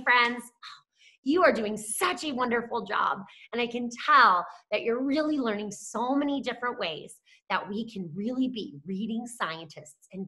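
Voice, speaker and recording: A woman's voice: on the high side, pushed and bright. A young adult woman teacher leading a phonics lesson for young children, encouraging and sing-song, drawing out letter sounds.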